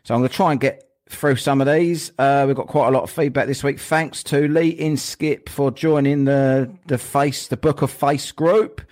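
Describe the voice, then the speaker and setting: A man's voice: mid-range voice, steady tone, normal speed, few pauses, a little mellow. Rambling, jokey man hosting a podcast. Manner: rambling and jokey, with frequent fillers. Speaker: podcast host. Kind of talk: casual podcast chat.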